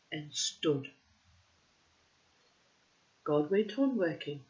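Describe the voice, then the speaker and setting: A woman's voice: fairly low pitch, slow pace, pauses often. A woman telling a story aloud, with chatty, self-mocking personal asides. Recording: dull lo-fi recording.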